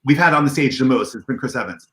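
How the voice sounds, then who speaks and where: A man on a video call, telling convention stories in an animated way and acting out the dialogue in a raised voice. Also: mid-range voice, quick pace, roomy sound. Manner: excitable, acts out dialogue in a raised voice. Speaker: convention organizer guest. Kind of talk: animated storytelling on a livestream.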